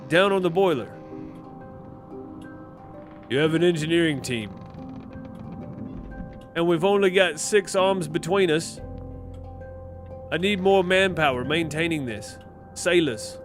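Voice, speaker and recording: A man voicing a gruff, opinionated ship engineer in a video game, with a weak attempt at an English accent. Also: fairly high pitch, flat delivery, unhurried, fairly bright tone, faint music behind. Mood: insistent.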